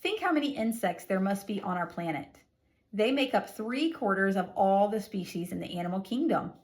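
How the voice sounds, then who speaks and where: A woman teacher reading a lesson aloud to young children, with an expressive, sing-song delivery and exaggerated emphasis. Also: mid-range voice, normal speed.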